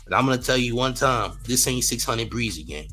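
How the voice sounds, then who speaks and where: Faint music plays behind this male commentary-show host, whose medium-pitched voice is brisk and sharp with lively intonation. Incredulous, he keeps repeating himself and breaks into frequent laughter between comments.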